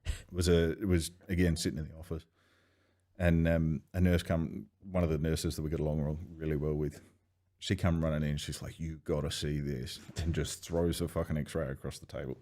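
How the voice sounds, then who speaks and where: Aussie bloke, low voice, casual podcast chat, swears a lot, acts out the people in his stories. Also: fairly quick. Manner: swearing, animated anecdotes with quoted voices. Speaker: podcast guest.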